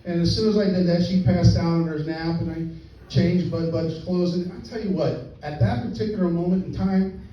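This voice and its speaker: Speaking at a normal speed in a high-pitched, steady voice, a grandfatherly stand-up comedian tells a folksy comic story at a live venue, chuckling along the way. The audience recording is distant, roomy and dull, with a little hiss or hum.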